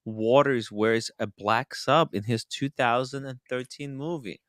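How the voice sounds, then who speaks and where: A man's voice: mid-range voice, steady tone, measured pace, fairly bright tone, no room sound, studio quality. A man hosting a livestream, reading out viewer super chats in an upbeat way. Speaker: host.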